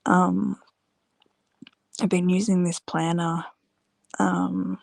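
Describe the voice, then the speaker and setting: Woman, tired, creaky voice, slow rambling chat, dry close sound. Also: lowish voice, flat delivery, a little mellow, no room sound. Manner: rambling, many fillers, unhurried. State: tired, yawning. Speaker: small-business candle maker vlogger. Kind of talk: casual chat to camera.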